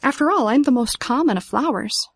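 A woman voicing a tiny, shabby talking dandelion in a storybook, soft, modest and wistful. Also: sits high, animated, a little fast, no echo, clean studio sound. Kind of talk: storybook reading.

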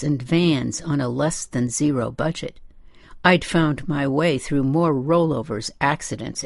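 A woman reading a first-person memoir in a measured, restrained narration. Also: low voice, gravelly, no echo, studio quality.

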